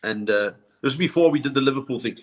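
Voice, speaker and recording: A South African man in his sixties, a comedian and podcast guest, telling stories of his early career. He is a lively storyteller who slips into other accents for his punchlines. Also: mid-range voice, fast talker, slight background noise. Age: 60s. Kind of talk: anecdotal storytelling in a podcast interview.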